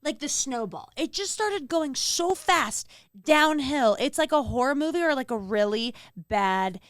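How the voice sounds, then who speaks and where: A young woman co-hosting a casual chat, reacting quickly and rambling through loose comparisons. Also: high voice, animated, no room sound, clean studio sound. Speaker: podcast co-host.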